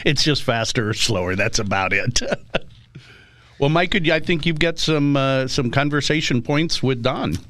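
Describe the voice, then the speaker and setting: A man's voice: medium pitch, animated, normal speed, a bit bright, dry recording. A man hosting a podcast, bantering lightly and making jokes before passing the conversation to a co-host.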